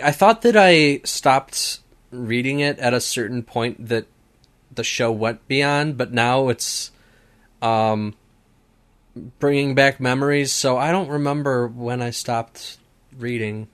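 A man co-hosting a podcast in casual chat, talking in a hesitant, halting way full of ums. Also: mid-range voice, a bit bright, clean tone. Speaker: podcast co-host.

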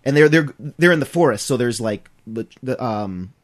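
A man's voice: medium pitch, moderate pace. A man in casual chat, animatedly recounting a story and acting out the characters. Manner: animated retelling, acts out characters.

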